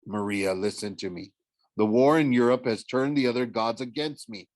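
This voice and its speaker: A man's voice: mid-range voice, normal speed, no room sound, close to an everyday voice. A man reading aloud, voicing an agitated, powerful god pleading urgently with the woman he loves.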